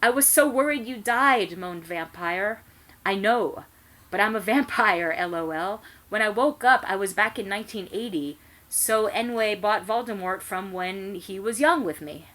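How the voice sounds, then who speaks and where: A woman giving a comic dramatic reading at home, shouting the quoted lines and reading the punctuation aloud in a flat voice. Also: mid-range voice, unhurried, rough recording. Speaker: guest reader.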